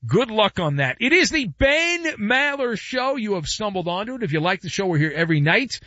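A man's voice: sits high, expressive, brisk, pushed and bright, no room sound, lo-fi sound. A man hosting a sports talk show, delivering a sarcastic, wisecracking monologue. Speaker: sports radio host.

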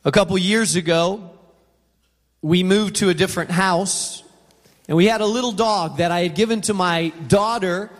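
A middle-aged pastor with a notably high voice preaches in an animated, storytelling manner. His words ring out with a long reverb across a large auditorium. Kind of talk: sermon.

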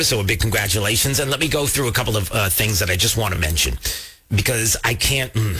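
A man's voice: mid-range voice, pushed and bright, husky. A man hosting a political talk show in a rambling, casual way with lots of filler words.

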